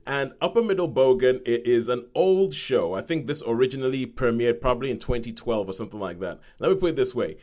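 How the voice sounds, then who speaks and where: This podcast host speaks in a mid-range, slightly mellow voice, animated and fairly quick with hardly any pauses. He rambles casually through a review, fixing his own words as he goes and performing quoted lines.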